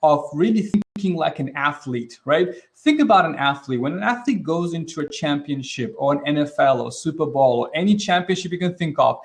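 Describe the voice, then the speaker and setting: A man's voice: fairly high pitch, fairly quick, hardly any pauses. A man hosting an interactive online teaching webinar, talking casually and energetically, often mixing in Arabic religious phrases. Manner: energetic, casual, acts out quoted reactions. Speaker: webinar host and trainer.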